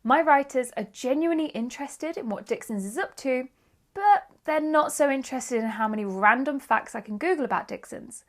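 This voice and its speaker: A woman's voice: sits high, animated, fairly quick. A woman teaching an online writing lesson, upbeat and emphatic. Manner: upbeat, emphatic teacher reading examples aloud. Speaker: writing instructor.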